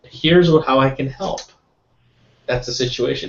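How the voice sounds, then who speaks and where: A man giving a casual motivational sales talk, lively and often tagging on "right?". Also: medium pitch, measured pace, creaky. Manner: lively, keeps adding "right?", laughs often. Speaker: guest sales trainer. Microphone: webinar call mic. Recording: roomy, distant, dull call audio.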